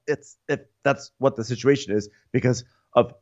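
Wry man with muffled sound. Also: lowish voice. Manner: wry, laughing, quick asides. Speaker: podcast co-host. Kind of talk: casual recap chat.

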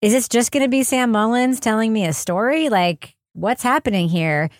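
A woman's voice: fairly high pitch, normal speed, dry recording, studio quality. A woman hosting a podcast panel in casual chat, playful and often laughing mid-sentence. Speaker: podcast host leading a panel.

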